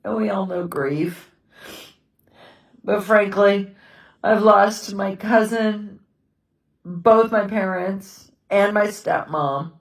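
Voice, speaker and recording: Tearful widow, slow and halting. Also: female voice, mid-range voice, roomy sound, far from the mic, low-quality recording. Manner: halting, emotional, breaking into tears. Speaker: widow sharing her grief. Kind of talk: personal confessional vlog. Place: quiet house at night.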